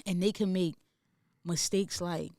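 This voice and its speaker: A man's voice: sits high, steady tone, unhurried, darkish tone, no room sound. Podcast co-host, man, heated and emphatic, profane, dry close sound. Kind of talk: casual podcast chat.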